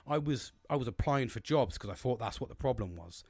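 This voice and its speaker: A man's voice: mid-range voice, animated, brisk, slightly rough, dry recording. A man in his forties, hosting a podcast in a casual solo monologue, rambling and swearing with many restarts. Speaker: podcast host.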